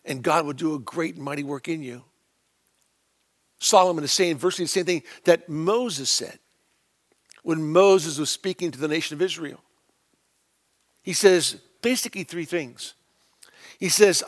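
High-voiced emphatic male preacher. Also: moderate pace, pauses often. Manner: emphatic, swings between loud stresses and quiet low phrases. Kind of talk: sermon.

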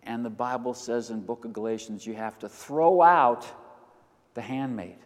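An older man preaching a sermon as pastor, animated, moving between quiet asides and loud emphatic lines. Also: mid-range voice, moderate pace. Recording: long hall reverb.

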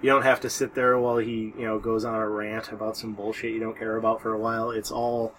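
A laid-back man with a bright, mid-pitched voice. He chats easily about books, laughing often and swearing offhandedly, with a faint hiss of room noise behind him. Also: little pitch movement, fast, distant mic, rough recording. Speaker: podcast co-host. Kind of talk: casual chat about books.

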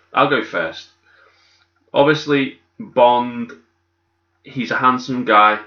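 Bright-voiced bantering man. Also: on the low side. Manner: banterous, sweary, laughing. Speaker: podcast co-host. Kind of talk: casual chat. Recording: echoey room, dull sound.

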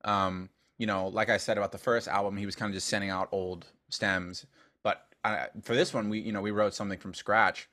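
A man, a dubstep producer as a guest, chatting casually and telling animated stories with lots of fillers and swearing. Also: on the low side, brisk. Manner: animated storyteller, heavy filler use, swears. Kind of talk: casual interview chat.

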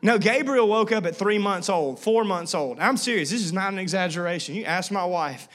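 A man's voice: high-pitched, brisk. A man preaching a sermon as a pastor, telling family stories with playful asides and acting out voices. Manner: animated storytelling with playful asides and acted-out voices.

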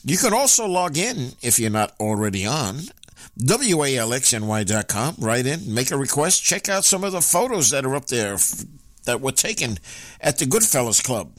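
A male radio DJ whose pitch bounces up and down as he talks, stopping often on filler sounds between names and dates. His voice is dry and close to the mic, with no room sound. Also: very animated, fairly bright tone, no echo. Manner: rambling, frequent filler pauses. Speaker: radio show host and DJ. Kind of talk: casual radio announcing.

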